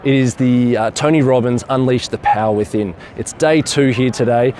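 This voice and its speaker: A man's voice: medium pitch, moderate pace, dark tone, slight background noise. Enthusiastic man vlogging outdoors. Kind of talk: casual storytelling to camera.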